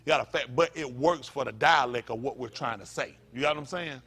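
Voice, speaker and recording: A pastor, preaching a sermon in a repetitive, emphatic manner that rises to loud peaks. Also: male voice, medium pitch, brisk, husky.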